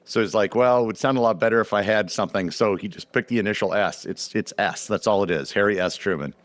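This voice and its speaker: A man's voice: on the low side, fast talker. A man hosting a casual podcast chat, easygoing and fond of trivia asides. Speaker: podcast host.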